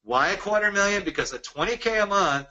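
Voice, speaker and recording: Male webinar host, slightly high bright voice, hard-selling, keeps asking "right?". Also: fairly quick, lo-fi sound. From Dallas, Texas. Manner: energetic, persuasive, rhetorical questions. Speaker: webinar presenter. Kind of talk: sales pitch webinar.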